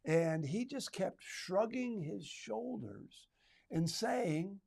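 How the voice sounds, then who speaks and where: Man telling a story, slightly high. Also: lively intonation, extremely slow, creaky, a little mellow. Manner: conversational storytelling with asides and humor. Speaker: retail trainer. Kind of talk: personal story told to retailers.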